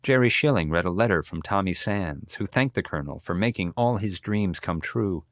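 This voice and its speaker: A man narrating a biography audiobook in a measured, steady storytelling manner, recorded close in a studio. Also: low-pitched, dry recording. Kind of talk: scripted narration.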